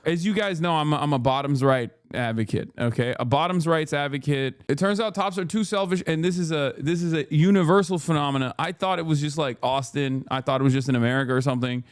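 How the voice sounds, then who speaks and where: A man hosting a live stream, ranting and joking in a profane, animated, casual way. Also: on the high side, fairly quick, hardly any pauses, clear, resonant tone, no room sound, studio quality. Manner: joking, sarcastic. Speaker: livestream host. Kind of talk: casual livestream commentary.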